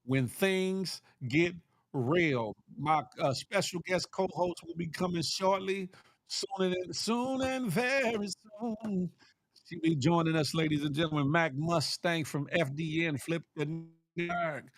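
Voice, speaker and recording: A man's voice: on the high side, a little slow, no echo, studio quality. A man hosting a casual livestream, reading the chat aloud and teasing viewers with a playful, laughing manner.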